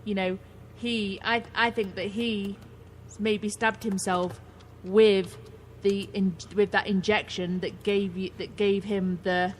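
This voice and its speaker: A woman's voice: medium pitch, level tone, slow. Female radio co-host, casual and talkative, with a faint noisy background. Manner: chatty, spins long rambling theories. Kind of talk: casual chat.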